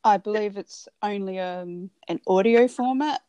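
Woman host, unhurried and halting, muffled dry call sound. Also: medium pitch, mellow, clear, resonant tone, dry recording. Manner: hesitant, lots of ums, giggly. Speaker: podcast host. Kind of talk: casual chat.

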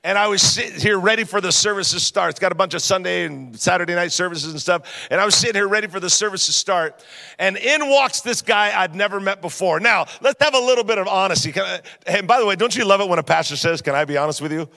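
Gravelly-voiced pastor preaching with jokes. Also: male voice, high voice, fast talker. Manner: animated, jokey, talks straight to the crowd. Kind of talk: sermon with humorous storytelling. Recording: long reverb of a large hall.

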